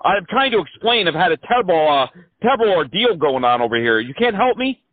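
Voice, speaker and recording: Male prank caller, sarcastic, slightly high voice, tinny phone audio. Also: very animated, fairly quick. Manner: mocking, sarcastic.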